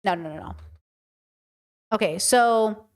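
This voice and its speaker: A woman's voice: mid-range voice, slow. A woman hosting a livestream, talking casually and animatedly, acting out mock voices to make her points. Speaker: streamer and podcast host.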